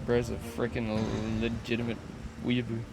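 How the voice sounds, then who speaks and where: A young man streaming a video game, joking, swearing and reading dialogue aloud with loud excitement. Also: medium pitch, unhurried. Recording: game music behind.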